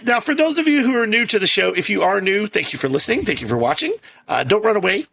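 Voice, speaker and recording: A man co-hosting a movie podcast, chatting in a jokey, animated way and laughing often. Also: high voice, fast talker, gravelly. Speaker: podcast co-host. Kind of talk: casual movie chat.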